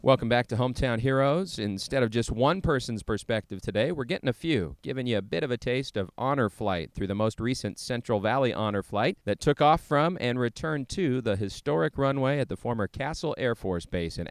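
A man hosting a veterans' program, reading scripted narration in a measured, earnest way. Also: mid-range voice, expressive, smooth, dry recording. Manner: measured, earnest presenter delivery. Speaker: host.

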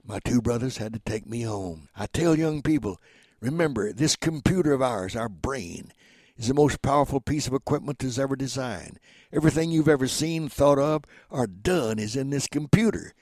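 A man in his seventies from Oklahoma, telling stories as an interview guest in an animated, rambling, dramatic way. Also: medium pitch, moderate pace, dry recording. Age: 70s. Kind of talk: storytelling interview.

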